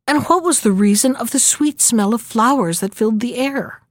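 A woman's voice: a little high, dry recording, studio quality. Woman reading a fairy tale aloud. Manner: measured, gentle storytelling. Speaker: narrator. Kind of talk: storybook reading.

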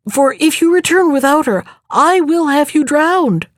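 A woman voicing an old, hot-tempered male king who talks impatiently and shouts orders. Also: fairly high pitch, expressive, normal speed, no echo, clean studio sound, natural voice. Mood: raging.

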